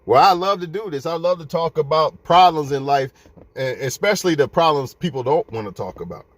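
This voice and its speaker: A man's voice: fairly high pitch, animated, fairly quick, dry recording. A man giving fiery life advice to his viewers in a profane, preachy rant.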